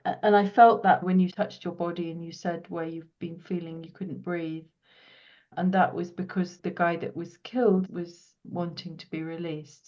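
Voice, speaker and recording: A woman hosting a podcast, talking a client through an intuitive reading in a soft, earnest way that drops to a hush as she relays what she senses. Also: lowish voice, dull audio. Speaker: podcast host and property healer.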